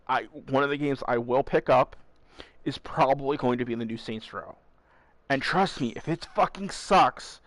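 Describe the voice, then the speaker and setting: A man's voice: medium pitch, no room sound. Blunt, swearing gaming podcast man. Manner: blunt, swears, addresses listeners as folks. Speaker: podcast host. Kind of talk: casual gaming podcast chat.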